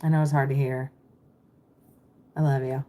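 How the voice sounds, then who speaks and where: A woman's voice: rumbling low, flat delivery, normal speed, warm tone. A middle-aged American woman coaching live on a stream, chatty and reassuring as she reads questions and replies to the chat. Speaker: mindset business coach. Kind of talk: livestream coaching talk.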